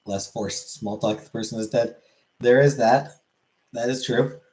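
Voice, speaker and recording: A man's voice: medium pitch, fairly even intonation, moderate pace, mellow, low-quality recording. A man on a live stream, casually answering questions from chat and swearing freely.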